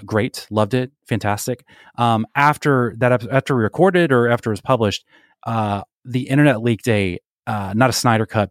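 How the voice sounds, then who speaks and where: A man's voice: mid-range voice, no echo. A man co-hosting a podcast, chatting casually about sports and pop culture with a dry, jokey manner and plenty of filler words. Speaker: podcast co-host.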